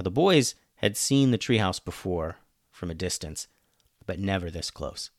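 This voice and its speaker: Man, storyteller, animated reading, lively pitch, dry close sound. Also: dry recording. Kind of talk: storybook narration.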